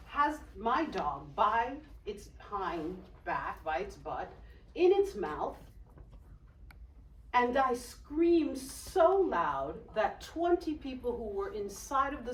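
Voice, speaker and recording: A woman from Haiti giving a testimony sermon, telling a story with animated delivery and acting out the voices of the people in it. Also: on the high side, slight background noise. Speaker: speaker. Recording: echoey hall, distant mic.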